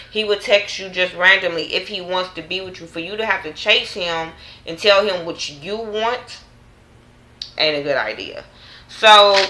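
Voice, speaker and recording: Woman, low-pitched voice, bright and forceful, blunt exasperated show recap, roomy echo. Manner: blunt, profane, exasperated ranting. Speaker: reality TV recap vlogger. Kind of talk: casual opinionated recap.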